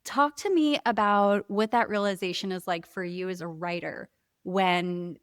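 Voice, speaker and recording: A woman hosting a podcast interview about books, enthusiastic and quick to laugh as she asks her guest questions. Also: mid-range voice, clear, resonant tone, no echo, clean studio sound. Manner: warm, enthusiastic, laughs easily. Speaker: podcast host. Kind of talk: conversational interview.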